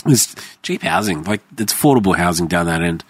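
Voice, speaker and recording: Low-voiced Australian man, animated. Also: a little fast, vocal fry, breathy edge, no echo. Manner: animated, laughs often, swears freely. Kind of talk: casual chat.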